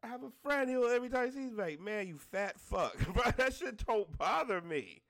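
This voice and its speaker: Man, casual profane rant, blunt and exasperated, high voice, swooping pitch. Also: animated, brisk, fairly bright tone. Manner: blunt, exasperated, heavy swearing.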